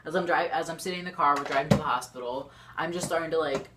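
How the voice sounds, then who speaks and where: A teenage girl telling a storytime vlog to her camera. She rambles excitedly and fills her talk with lots of "like". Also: low voice, quick pace, very noisy. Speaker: YouTuber. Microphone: camera facing the speaker.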